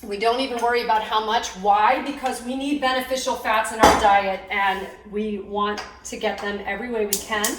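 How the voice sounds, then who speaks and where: Chatty woman cooking in an echoey kitchen. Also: a little high. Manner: chatty and upbeat, laughing at herself. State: teary-eyed from cutting onions. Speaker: cooking video host. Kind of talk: casual cooking demonstration. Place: home kitchen, roomy and echoey. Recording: echoey kitchen, mic far off, cooking noise. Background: clatter of knives, pots and dishes.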